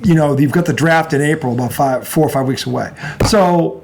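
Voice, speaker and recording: A man's voice: on the high side, brisk, creaky, background noise. A man co-hosting a casual sports talk show, blunt and profane, rambling with restarts. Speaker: podcast co-host.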